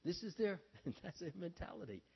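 A man giving a storytelling sermon, talking haltingly with many fillers and restarts, and acting out the lines he quotes. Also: sits high, sing-song, vocal fry, slightly rough. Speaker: religious speaker. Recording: dull, reverberant hall sound.

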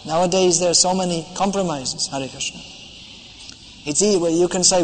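A man with a high voice preaches a devotional lecture in a hall with a long echo. He is emphatic and scolding, quotes Sanskrit verse and drives his points home with insistence. A faint hum of ambience sits behind him. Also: a little fast.

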